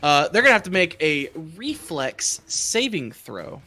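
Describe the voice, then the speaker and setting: A man's voice: on the high side, sing-song, unhurried, sharp tone, faint music behind. A man playing a tabletop game, thinking aloud and counting dice under his breath. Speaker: player. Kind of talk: casual tabletop game chat.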